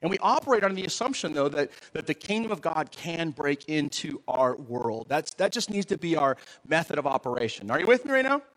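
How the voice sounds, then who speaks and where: A man, a pastor, preaching a sermon in an animated, joking way and often asking the audience questions. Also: a little high, a little fast, hardly any pauses, rough recording.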